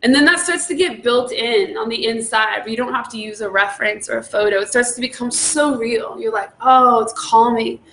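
A woman leading a devotional meditation, often exclaiming in awe and laughing softly. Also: fairly high pitch, fairly quick, vocal fry, few pauses, echoey room. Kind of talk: devotional teaching.

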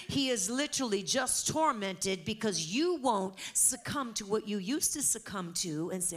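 A woman's voice: mid-range voice, animated, normal speed, hardly any pauses. A woman preaching a sermon to a congregation, fervent and emphatic.

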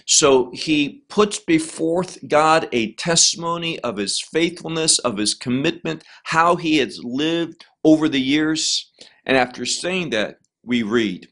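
A middle-aged man teaching a Bible chapter verse by verse, with slow, deliberate and emphatic phrasing. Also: fairly high pitch, animated, fairly bright tone.

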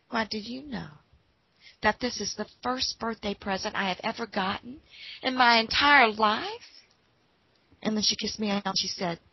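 Husky woman telling a folksy story. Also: a little high, normal speed, muffled recording. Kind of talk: told personal story.

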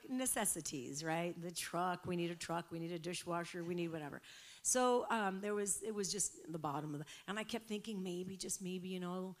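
A woman in her fifties preaching a sermon, animated and laughing, moving between soft whispered prayer and loud exclamations. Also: mid-range voice. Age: 50s.

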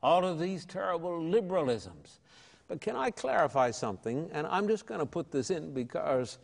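A man's voice: on the high side, sing-song, moderate pace, gravelly. An older Australian man, an evangelist and pastor, answering interview questions in a fervent, preacherly way.

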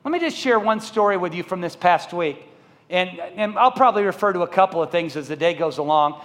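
Forty-something pastor guy preaching, high voice, earnest, gets quiet and low for the heavy parts, big echoey church hall. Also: lively intonation, brisk. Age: 40s. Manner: earnest, drops soft and low for emotional parts. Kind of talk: sermon storytelling.

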